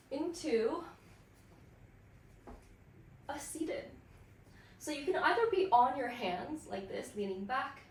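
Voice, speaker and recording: A woman leading a pilates class, giving slow counting cues with light laughs and sounding out of breath. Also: a little high, a little hiss or hum. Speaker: pilates instructor. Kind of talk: guided workout class. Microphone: built-in device mic. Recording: echoey room, far from the mic.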